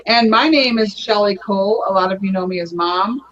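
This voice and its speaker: A woman's voice: medium pitch, fairly quick, a bit bright. A woman on a panel introducing herself in a friendly, cheerful way. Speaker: panel member. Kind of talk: casual panel chat. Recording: dull line with faint noise.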